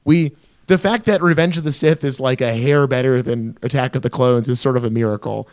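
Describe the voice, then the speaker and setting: A man's voice: medium pitch, a little fast, a little mellow. A man co-hosting a podcast in casual comedic chat, joking, swearing and slipping into silly bits. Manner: jokey, profane, breaks into silly bits. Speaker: podcast co-host.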